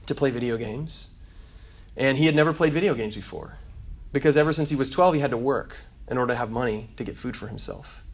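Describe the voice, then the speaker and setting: Storytelling male preacher. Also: mid-range voice. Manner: storytelling, acts out quotes in soft voices. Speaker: pastor. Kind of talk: sermon.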